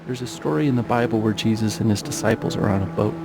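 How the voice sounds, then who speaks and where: A man narrating as a father, reflective and searching, asking quiet questions. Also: on the low side, fast talker, creaky. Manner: questioning, searching, soft-spoken. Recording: music under the voice.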